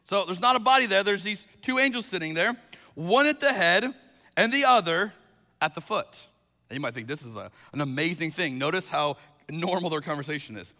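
A male pastor delivers his sermon with a lively, swooping delivery and a bright, forceful tone. He pushes his points hard and repeats phrases for emphasis. His voice rings out with the long reverb of a large hall. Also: sits high, brisk.

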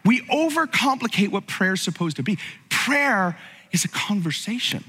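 A man's voice: high-pitched, animated, moderate pace, sharp tone, slightly rough, big-room sound. A man preaching a sermon as pastor, conversational and humorous, with frequent asides to the congregation.

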